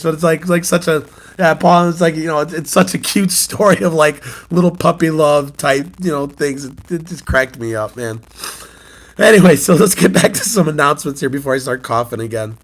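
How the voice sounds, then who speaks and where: A man in his forties talks loosely and warmly, like he's catching up with regular viewers. His voice sits a little higher than most men's. He keeps breaking into laughter and has a lingering cough. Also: quick pace. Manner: chatty storyteller, laughs often. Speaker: channel host, sports-card collector and youth coach. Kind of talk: casual morning chat.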